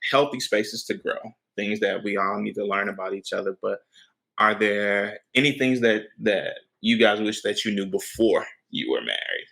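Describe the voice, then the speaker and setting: Gravelly husky man host. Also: lowish voice, normal speed, pushed and bright, rough recording. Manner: easygoing, asks open questions. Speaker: podcast host. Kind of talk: casual chat.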